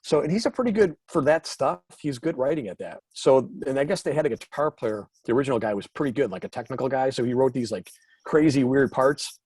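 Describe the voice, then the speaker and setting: Man, guest musician, husky voice, dry close sound, rambling anecdotes. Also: medium pitch, animated, fast talker, a little mellow, no echo. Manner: rambling, self-deprecating storytelling. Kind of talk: casual interview chat.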